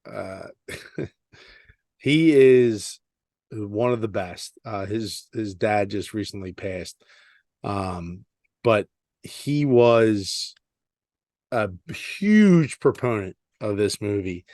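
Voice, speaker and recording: A man co-hosting a casual podcast chat, talking haltingly with many pauses and restarts. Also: fairly low pitch, lively intonation, darkish tone, no echo, clean studio sound. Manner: hesitant, many fillers and restarts. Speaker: podcast co-host.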